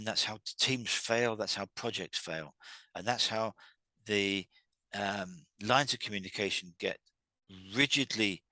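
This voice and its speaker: A man with a fairly low, pushed, bright voice hosts a solo talk on workplace communication, recorded dry. He's conversational and keeps restarting, acting out quoted arguments in raised, heated voices.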